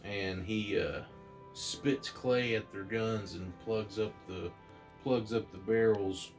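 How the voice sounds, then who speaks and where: A man casually retelling a holiday comic story, rambling and excited, with restarts. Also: fairly low pitch, takes it slowly, soft background music. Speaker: comic book reviewer.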